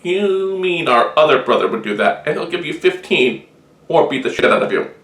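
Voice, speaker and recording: A man's voice: a little high, expressive, normal speed, fairly bright tone. A cocky billy goat talks his way out of paying, played by a man telling a joke. He bluffs with easy confidence. The recording has a noticeable room echo. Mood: bluffing. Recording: roomy echo.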